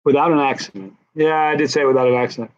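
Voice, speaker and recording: A man's voice: medium pitch, fast, highs cut off. A man from the East Coast hosting a casual live-stream Q&A, chatting loosely and reading out viewer comments. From United States, East Coast. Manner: relaxed, rambling, reads out viewer comments. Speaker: host of a hot pepper channel.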